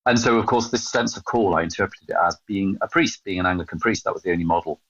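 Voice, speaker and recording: English man, 50s, guest storyteller. Very low husky voice, rapid delivery, dry close sound. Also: no room sound. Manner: animated storyteller, quick and self-mocking. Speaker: podcast guest, evangelist. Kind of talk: storytelling in a casual interview. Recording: dull, slightly lo-fi sound.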